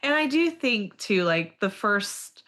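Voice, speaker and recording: A woman's voice: mid-range voice, sing-song, slow pace. A woman co-hosting a podcast, chatting casually and agreeably. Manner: warm agreeable, frequent short affirmations. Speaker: podcast co-host. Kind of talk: casual chat.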